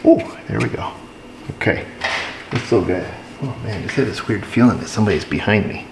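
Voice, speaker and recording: A man's voice: lowish voice, a little fast, vocal fry, background noise. A man working as an auto repair technician, narrating casually while he diagnoses a truck and tossing dry, joking asides to viewers. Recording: roomy shop echo.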